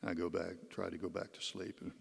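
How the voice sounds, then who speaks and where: A man's voice: deep voice, little pitch movement, fast talker, vocal fry, husky. A man, a deacon, giving a homily as a folksy personal story, his voice rising and dropping. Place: church. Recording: long church reverb.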